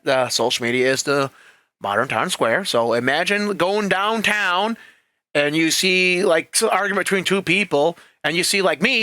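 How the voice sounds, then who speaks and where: Brief: chatty commentary host, man, bright sharp voice, a bit high, swears freely. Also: dry recording. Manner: chatty, profane, acts out quoted voices. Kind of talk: casual opinion commentary.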